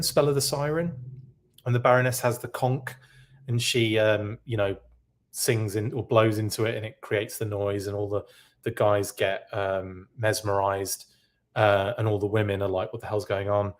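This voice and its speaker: A man hosting a live podcast who reacts to news in a casual, rambling way and keeps correcting himself. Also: mid-range voice. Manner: rambling, self-correcting, chatty. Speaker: podcast host.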